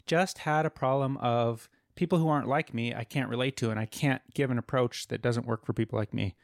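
A man hosting a casual podcast, asking his guests questions in a relaxed, curious way. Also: medium pitch, a little fast, vocal fry, dry recording, clean studio sound. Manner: inquisitive, conversational, asks questions. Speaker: podcast host. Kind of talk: casual chat.

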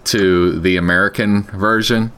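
A man co-hosting a podcast in casual chat, animated and quick to laugh. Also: on the low side, smooth. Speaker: podcast co-host.

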